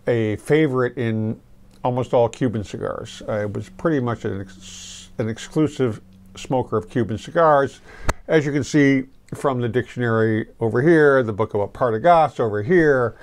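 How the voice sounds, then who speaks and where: In a medium-pitched voice, a middle-aged man talks to the camera about a fragrance in an easygoing, meandering review full of false starts.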